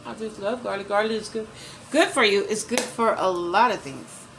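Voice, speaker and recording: At a moderate pace and mid-range pitch, a woman chats her way through a home-kitchen cooking demo, saying each ingredient aloud as she adds it and addressing her audience as "you guys." The background is noisy, and she's a cooking vlogger.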